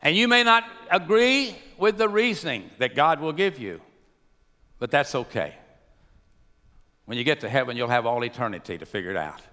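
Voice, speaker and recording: A man preaching a sermon to a church, swinging between hushed and raised delivery. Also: mid-range voice, big pitch swings, moderate pace. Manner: preaching with wide swings from soft to loud. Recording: long hall reverb.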